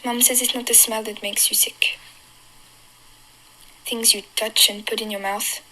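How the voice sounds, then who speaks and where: A teen actress voicing a scared girl in a bright, hushed French accent. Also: on the high side, level tone, measured pace, full character voice, rough recording. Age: teens. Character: frightened teenage girl guiding her little brother. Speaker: auditioning actress. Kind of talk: audition recording.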